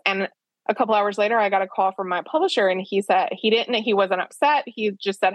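A woman author being interviewed, speaking frankly and self-deprecatingly with quick asides. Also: medium pitch, no room sound, lo-fi sound. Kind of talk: candid conversational storytelling.

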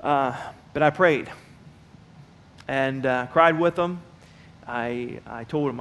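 A man's voice: medium pitch, takes it slowly, long pauses, a bit bright, slight background noise. A middle-aged male pastor preaching a sermon in a church, telling a personal story in a folksy way and speaking straight to his congregation. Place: church sanctuary.

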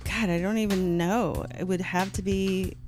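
A woman's voice: mid-range voice, steady tone, normal speed, a little mellow, faint music behind. A Canadian woman chatting as a podcast guest, telling a story with lots of laughs and likes. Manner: laughs often, rambling with many likes. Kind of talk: casual storytelling chat.

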